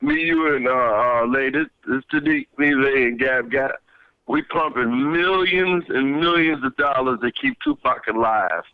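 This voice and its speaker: A man's voice: medium pitch, a little slow, smooth, phone-quality sound. A man joining a casual livestream chat who talks emphatically and repeats himself. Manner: repetitive, emphatic interjections.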